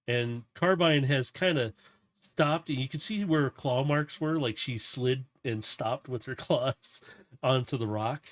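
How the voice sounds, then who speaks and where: A man's voice: mid-range voice, no echo. A man narrating as game master of a tabletop game, loose and rambling with restarts.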